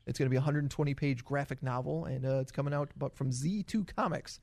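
A man's voice: mid-range voice, fast talker, vocal fry, a little mellow, no room sound. A man in his forties hosting a casual podcast chat, rambling and upbeat, often laughing. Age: 40s. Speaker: podcast host.

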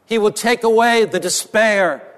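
A male pastor with a notably high voice delivers an impassioned sermon, repeating phrases for weight and sinking low and quiet to press a point. His voice rings with a long reverb, as if in a large hall. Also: measured pace. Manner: impassioned preaching with repetition, dropping low and soft for emphasis.

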